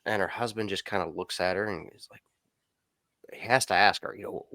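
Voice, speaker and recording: A man's voice: deep voice, brisk, pushed and bright, no room sound, clean studio sound. Folksy man telling a story. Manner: folksy, rambling storyteller with repeated restarts. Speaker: podcast co-host. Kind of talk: casual storytelling chat.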